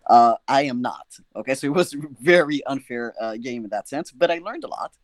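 A young man telling a funny personal story in a casual, animated, self-mocking way, often checking in with his listener. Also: medium pitch, fairly quick, no room sound. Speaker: guest storyteller.

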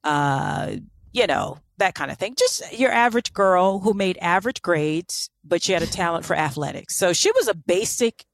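A woman's voice: lowish voice, expressive, normal speed, vocal fry, dry recording. A woman co-hosting a podcast, telling a life story in casual, irreverent chat. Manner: chatty and irreverent, apologetic about pronunciation. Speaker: podcast co-host.

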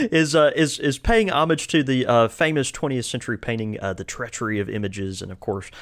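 A man from Mississippi, co-hosting a podcast in relaxed, agreeable banter. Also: mid-range voice, moderate pace. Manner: relaxed, agreeable, laughs easily. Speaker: podcast co-host.

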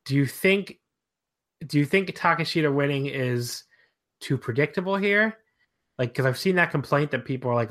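A man's voice: medium pitch, expressive, fairly quick, fairly bright tone. A man hosting a casual podcast chat, enthusiastic and leading the talk with questions.

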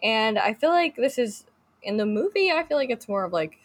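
A woman's voice: on the high side, very animated, moderate pace. A woman co-hosting a podcast in casual chat, talking with many fillers and restarts and reading book passages aloud. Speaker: podcast co-host.

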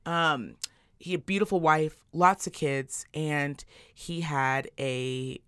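A woman's voice: sits low, takes it slowly, clear, resonant tone, dry recording, clean studio sound. A young woman co-hosting a casual podcast chat, blunt and profane, telling stories with lots of energy. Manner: blunt, profane, animated storytelling. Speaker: podcast co-host.

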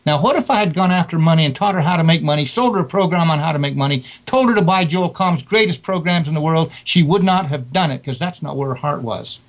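A man's voice: on the high side, fast, few pauses. Emphatic man telling motivational stories. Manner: emphatic, tells anecdotes with quoted dialogue. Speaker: author and guest speaker. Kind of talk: motivational storytelling in an interview.

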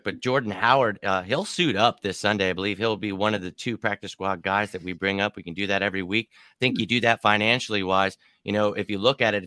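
A man's voice: fairly low pitch, bright, forceful tone, no room sound. A man giving confident, explanatory takes on his team's season in a casual sports talk show. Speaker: podcast panelist.

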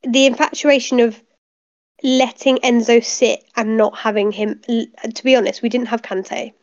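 An exasperated woman rambles through a casual chat and swears freely. Her voice sits a little high. It comes through a dull, lo-fi mic. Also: steady tone, moderate pace. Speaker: podcast co-host.

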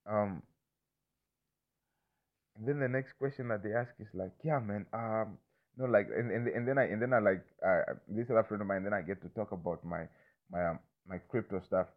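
A man with a lowish voice talks in a loose, rambling way, swearing often and circling back with "you understand me?" The sound is thin and narrow, like it came over a phone line. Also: brisk. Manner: loose, repetitive, swears freely, keeps asking "you understand me?". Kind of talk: casual rambling monologue.

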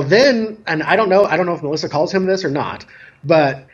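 A man's voice: fairly high pitch, lively intonation, fairly quick, dull audio. A middle-aged man, a DJ and choreographer, telling easygoing stories in a casual chat and raising his voice for a child's lines. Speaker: guest, event DJ and choreographer. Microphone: remote call.

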